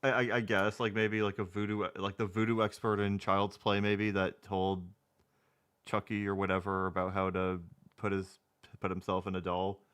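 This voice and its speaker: A man's voice: on the low side, little pitch movement, moderate pace, fairly bright tone, clean tone. A man hosting a reaction video, making amused, chuckling asides in casual commentary.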